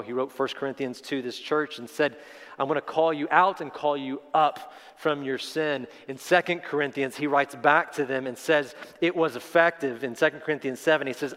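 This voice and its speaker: A man's voice: fairly high pitch, fairly bright tone. A man preaching a sermon as pastor, building fervor and acting out the prayers he quotes. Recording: long hall reverb.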